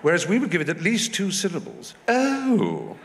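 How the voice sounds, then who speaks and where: A man voicing a gracious elderly aristocratic duchess with drawn-out, plummy upper-class vowels. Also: lowish voice, animated, long reverb tail, slight background noise, voice pushed up.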